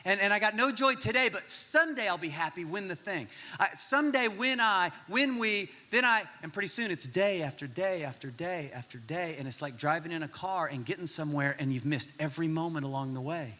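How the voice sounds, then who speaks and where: A male pastor in his forties tells a comic story from the stage, and his voice sits high and very bright. He is animated and jokey, acting out the people in his story. The sound carries a long reverb from a large church hall. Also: a little fast, hardly any pauses.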